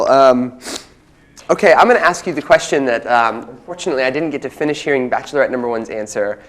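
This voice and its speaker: A man's voice: medium pitch, quick pace. Flustered young man, rambling dating-show contestant. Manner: rambling, flustered, stammering restarts. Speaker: bachelor contestant. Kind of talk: comedic dating game show.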